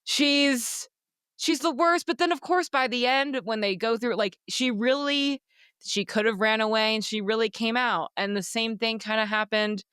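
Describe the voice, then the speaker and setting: A woman's voice: on the high side, moderate pace, a bit bright, clear, resonant tone, no echo, studio quality. A woman co-hosting a casual book podcast, talking animatedly, swearing freely and acting out characters' lines. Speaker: podcast co-host.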